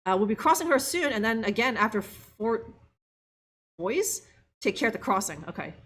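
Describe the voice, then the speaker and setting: Woman game streamer, lively and bright, chatty and giggly, riffing with chat. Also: fairly high pitch, moderate pace, a little hiss or hum. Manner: chatty, laughing, talks to chat. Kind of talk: live gameplay commentary.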